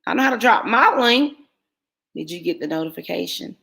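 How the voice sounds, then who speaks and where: A woman's voice: lowish voice, lively intonation, brisk, gravelly, fairly bright tone, slight background noise. A middle-aged woman, chatting casually with viewers on her live stream and telling rambling stories full of fillers. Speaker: YouTuber hosting a live stream.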